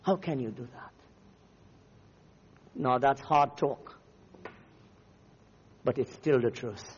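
A man's voice: mid-range voice, slow pace, slightly rough, big-room sound, dull audio. A man from Namibia preaching a fiery, declamatory sermon as a visiting preacher. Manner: fiery, declamatory, rising and falling.

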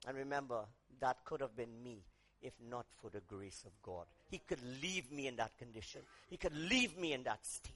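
A man preaching a sermon, dropping to quiet asides, rising to shouted emphasis, and acting out quoted voices. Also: medium pitch, moderate pace, husky.

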